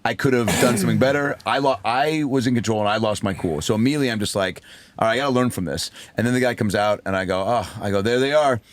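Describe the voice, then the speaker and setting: A man, a comedian, telling a story in a casual podcast chat, animated, acting out voices and swearing freely. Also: mid-range voice, fast talker, dry recording. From raised by a single mother. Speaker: comedian guest.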